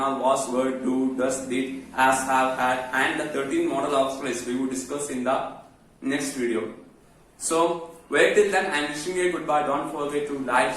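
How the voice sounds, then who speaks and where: A man giving an English grammar lesson, explaining step by step and often pausing with "okay". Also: mid-range voice, a bit bright. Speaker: English teacher. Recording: very echoey room, far from the mic.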